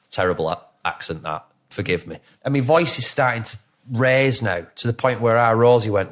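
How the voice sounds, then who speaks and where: A man's voice: fairly low pitch, lively intonation, normal speed, fairly bright tone. A man in his thirties with a Lancashire accent, a guest chatting in a podcast interview, rambling and swearing with many restarts. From England. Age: 30s.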